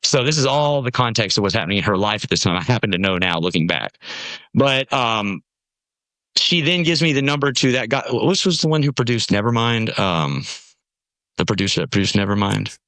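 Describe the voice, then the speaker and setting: A man's voice: fairly low pitch, brisk, no echo. A man from Nashville, telling a long story as a podcast guest and acting out the people he quotes. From Nashville, USA. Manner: animated storyteller, acts out quoted voices. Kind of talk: casual storytelling conversation.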